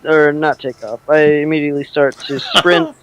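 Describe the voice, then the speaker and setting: A man's voice: fairly high pitch, normal speed, a bit bright, dull audio. A man playing a tabletop game as a player, declaring his actions hesitantly with frequent restarts. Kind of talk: in-character tabletop play.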